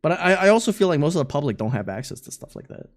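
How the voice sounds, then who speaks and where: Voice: mid-range voice, sing-song, very fast. A streamer giving loose, casual live reaction commentary, often laughing and swearing.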